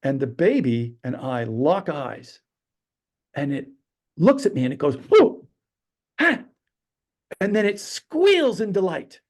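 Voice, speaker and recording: A man telling a personal story as a podcast guest, lively and acting out the lines he quotes. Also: fairly high pitch, a little slow. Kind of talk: animated anecdote telling.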